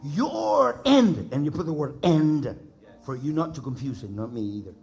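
A man from the United States preaching a sermon to a congregation, emphatic and repeating lines for them to echo back, building to shouts. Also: mid-range voice, fairly quick, soft background music. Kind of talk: sermon with call-and-response. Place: church service before a congregation.

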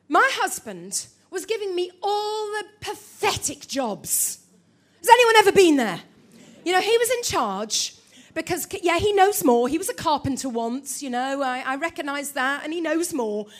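High-voiced woman preaching. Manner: storytelling, animated, calls out to congregation. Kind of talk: sermon.

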